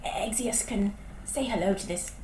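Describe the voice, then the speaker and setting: A British woman playing a tabletop game, talking in a hurried, fumbling way. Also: medium pitch, a little mellow. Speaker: player. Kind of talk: casual game table chat. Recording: echoey room, off-mic, noisy.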